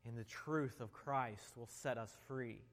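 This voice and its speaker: Slow-preaching pastor in a reverberant hall. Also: male voice, mid-range voice. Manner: slow, building to impassioned preaching, ending in quiet prayer. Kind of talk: sermon. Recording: long reverb of a large hall.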